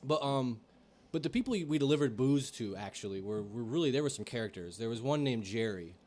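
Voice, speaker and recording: A man's voice: mid-range voice, lively intonation, a little fast, darkish tone. A young man on a podcast, casually telling rambling, profane stories about his old delivery job. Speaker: podcast co-host. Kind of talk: casual storytelling chat.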